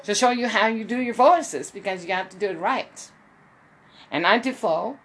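A woman's voice: mid-range voice, moderate pace, a bit bright, husky. A woman casually talking over a played video clip, rambling and repeating its lines as she speaks about doing voices. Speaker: amateur voice impressionist.

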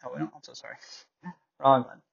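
A man's voice: mid-range voice, little pitch movement, fairly quick, vocal fry, breathy edge. A young man teaching a Bible class in a loose, conversational way, reading scripture aloud and correcting his own slips. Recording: dull lo-fi recording.

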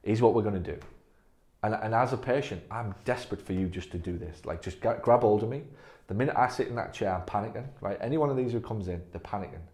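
A man's voice: on the low side, fast, a little mellow. A man leading a staff training session, blunt and emphatic, swearing freely. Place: physio clinic room.

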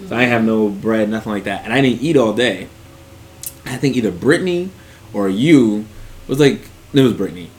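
A young man in casual chat, telling stories with bursts of loud laughter and profane banter. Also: fairly low pitch, animated, moderate pace, a little hiss or hum.

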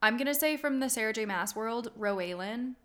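A young woman co-hosting a casual podcast, speaking in a slightly higher voice. She argues her points emphatically and swears for emphasis. Her delivery is loose and conversational. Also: a little fast, fairly bright tone. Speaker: podcast co-host. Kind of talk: casual chat.

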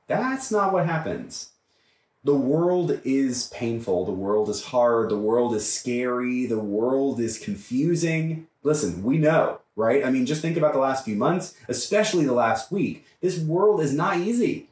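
Male priest, emphatic teaching voice, lively, mic far off in a reverberant room. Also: medium pitch, a little slow. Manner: animated, emphatic, often checks in with "right?". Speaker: priest teaching a Bible study. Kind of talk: Bible study lecture.

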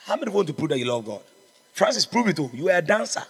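A man's voice: fairly high pitch, very animated, rapid-fire, breathy edge, big-room sound. A man preaching a sermon as pastor, fervent and exhorting, calling out to his congregation. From Ghana.

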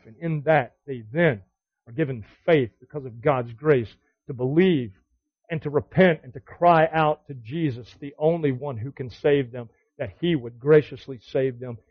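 A man's voice: medium pitch, no echo. Exhorting preacher man, muffled recording. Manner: exhorting with repeated commands and rhetorical questions. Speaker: Bible study teacher. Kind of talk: sermon.

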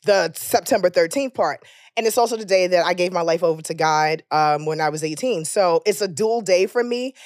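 In clean studio sound with no room noise, a thirtysomething woman co-hosting a podcast speaks fairly quickly. She tells candid stories casually, swears a lot, and gets loud and high-pitched when she jokes.

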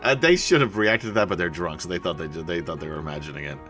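A man's voice: low voice, fast talker, a bit bright, soft background music. A man narrating as game master of a tabletop game, rambling with many fillers. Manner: rambling, laughs often.

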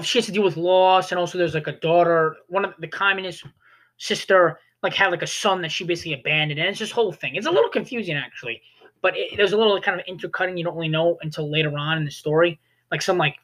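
Mid-range in pitch and fairly bright, this young adult talks fast. They ramble through film reviews in an offhand way, constantly saying "like" and correcting themselves mid-thought.

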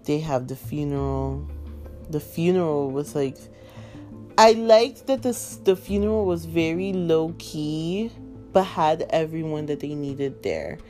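A woman's voice: low-pitched, a little slow, warm tone, faint music behind. A woman chatting casually and emotionally about a film, rambling with lots of fillers. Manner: rambling, filler-heavy, emotional, laughing through tears. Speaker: movie fan vlogger. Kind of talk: casual chat.

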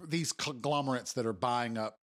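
A man's voice: medium pitch, moderate pace, fairly bright tone. A man in casual conversation, musing aloud and acting out quoted remarks. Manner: musing, acts out quotes in different voices. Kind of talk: casual chat.

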